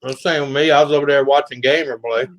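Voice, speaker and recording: A man's voice: medium pitch, fairly even intonation, fast, fairly bright tone, dry recording, poor audio. A man chatting casually as a guest, easygoing and rambling through stories, saying yeah often. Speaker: regular guest. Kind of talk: casual chat.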